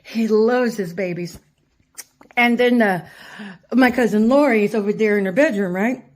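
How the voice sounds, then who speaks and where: A woman's voice: on the high side, moderate pace. A woman telling a rambling story in a casual vlog, laughing often and swearing freely. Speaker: vlogger. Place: her cousin's home.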